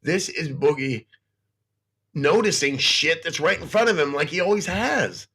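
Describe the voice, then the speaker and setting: A man with a gravelly, husky voice, pitched a little high, that jumps up and down sharply as he talks. He is agitated and emotional on a livestream and curses constantly. He swings between bragging and pleading. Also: expressive, measured pace, pushed and bright. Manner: agitated and profane, cursing constantly; boastful, then distressed and pleading. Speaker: guest on a livestream. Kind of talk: emotional casual chat.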